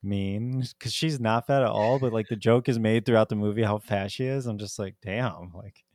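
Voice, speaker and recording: Give me a man with a lowish voice casually reviewing a film on a podcast, rambling and laughing, recorded dry. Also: moderate pace, darkish tone, dry recording. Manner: rambling, lots of "like", laughs often. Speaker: podcast co-host. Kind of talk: casual movie review chat.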